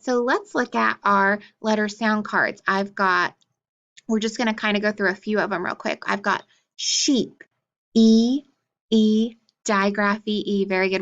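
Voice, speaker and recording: A woman teaching a phonics lesson to young children, sounding out letters slowly and clearly and praising often. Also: mid-range voice, a bit bright, highs cut off.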